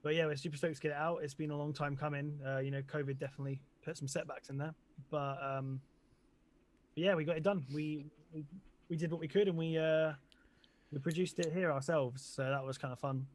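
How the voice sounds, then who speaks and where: A man's voice: on the high side, brisk. A man with an English accent, a band's singer and producer, chatting loosely in an interview with lots of ums and likes. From England. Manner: relaxed, rambling, many ums and likes. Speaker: band vocalist and producer. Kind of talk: casual interview chat.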